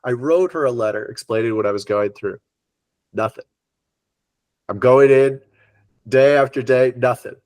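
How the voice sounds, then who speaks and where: A middle-aged man, a yoga teacher, telling a personal story in an interview in an animated way and acting out what others said. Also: mid-range voice, normal speed, long pauses, no echo.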